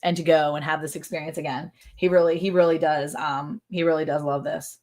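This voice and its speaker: A middle-aged woman hosting a casual livestream chat. She is chatty, quick to laugh, and fills her talk with "like". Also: low-pitched, level tone, darkish tone. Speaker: ranch channel host.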